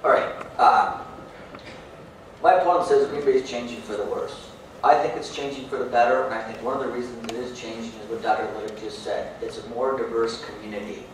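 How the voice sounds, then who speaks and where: Halting man speaking in a big echoey hall. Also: medium pitch, fairly even intonation. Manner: halting, repeats words. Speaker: mayor in a debate. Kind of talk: debate answer. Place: large echoey hall, heard from far off. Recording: echoey hall, distant mic, faint hiss.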